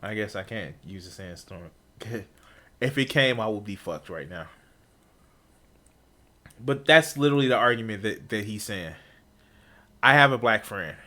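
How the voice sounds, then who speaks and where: A man's voice: on the low side, expressive, moderate pace, pauses often, bright, forceful tone. A man streaming a reaction to a debate, talking casually with profane, incredulous outbursts.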